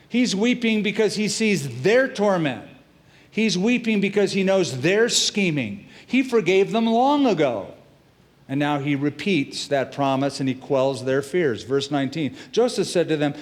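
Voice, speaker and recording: A middle-aged man preaching as a pastor, telling the story in a lively way and acting out the characters' quotes. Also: unhurried. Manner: animated storytelling, acts out quotes with shifts in pitch and loudness. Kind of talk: sermon.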